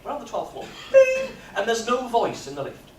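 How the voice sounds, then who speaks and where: A man, speaking at a business workshop and telling stories in a lively, jokey way. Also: high voice, fast talker. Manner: lively storyteller, jokey and animated. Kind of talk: live workshop talk with comic storytelling. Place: expo hall. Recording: echoey hall, mic from far off.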